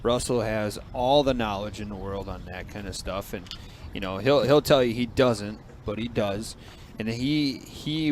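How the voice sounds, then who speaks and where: A man hosting a fishing store's livestream in casual live commentary, upbeat with quick bursts of excitement, with a frog in his throat. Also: lowish voice, a little hiss or hum.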